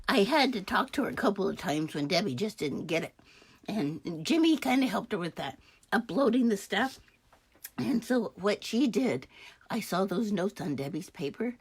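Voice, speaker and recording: Chatty woman host, husky tone, bouncy animated pitch, gushing and prone to correcting herself mid-sentence. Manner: jokey asides. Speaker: host reviewing a devotional anthology. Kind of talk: casual chat.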